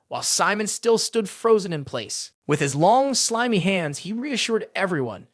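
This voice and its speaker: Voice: mid-range voice, very animated, moderate pace, few pauses, a bit bright, dry recording, clean studio sound. A narrator telling a fantasy story recap in scripted, dramatic storytelling.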